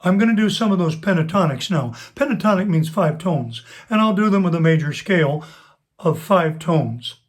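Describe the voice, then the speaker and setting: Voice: mid-range voice, animated. A voice teacher giving a spoken singing lesson, explaining technique step by step and speaking straight to the student. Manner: slow, deliberate instructing, addressing the student directly. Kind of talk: spoken vocal lesson with sung demonstrations.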